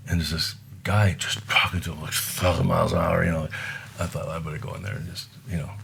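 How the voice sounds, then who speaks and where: Older guy from buffalo, deep voice, rambling musician stories, slight hiss. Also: vocal fry, a bit bright. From Buffalo, New York, USA. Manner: rambling anecdotes, acting out quoted voices with laughs. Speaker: guest musician. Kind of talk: casual storytelling.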